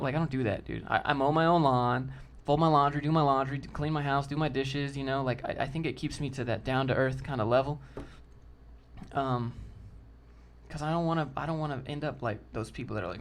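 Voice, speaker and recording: A man's voice: mid-range voice, brisk, a bit bright. A man hosting a casual livestream, answering chat in a loose, slangy way and calling people dude and bro.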